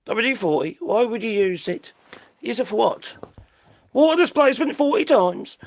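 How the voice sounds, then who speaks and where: A man's voice: extremely high pitch, sing-song, normal speed. A middle-aged British man hosting a live stream, ranting in a blunt, rambling, sweary way and laughing at his own jokes. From Britain. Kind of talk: casual live-stream commentary.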